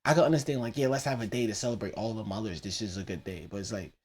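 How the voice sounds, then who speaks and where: A man's voice: on the low side, racing, darkish tone, slightly rough. A man in his thirties hosting his own podcast, rambling casually about his teenage son with loose, profane talk and laughing asides. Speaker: podcast host.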